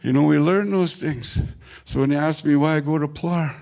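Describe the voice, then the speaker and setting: A man speaking in a somewhat high-pitched voice. He tells his own story in an earnest, plain-spoken way and returns to the same phrases again and again. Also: brisk, vocal fry, darkish tone. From Manitoba, Canada. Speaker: invited speaker. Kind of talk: personal storytelling talk.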